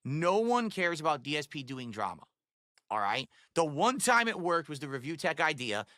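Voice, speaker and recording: A man with a bright, sharp voice and a slightly high pitch rants on a livestream. He sounds aggrieved and swears freely, and his voice is recorded dry and close with no room sound. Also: no room sound. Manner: aggrieved, profane, ranting. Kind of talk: livestream rant.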